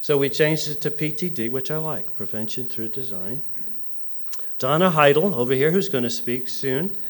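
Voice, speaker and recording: A middle-aged man from New Jersey speaks at a conference, telling stories with humor. His pitch sits in an ordinary middle range, and he acts out the people he quotes. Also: normal speed. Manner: animated storyteller, mimics voices in quotes. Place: conference hall.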